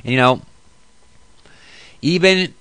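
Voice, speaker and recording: A man's voice: a little high, slow, sharp tone, clear, resonant tone, dry recording. A man hosting a casual commentary show who reads news aloud and then rants about it, profane and blunt. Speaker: host.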